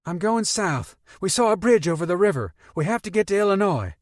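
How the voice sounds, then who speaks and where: A man voicing a frantic woman driving scared teenagers, shouting and strained. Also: sits high, very animated, a little fast, no echo, studio quality, voice pushed up. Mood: urgent.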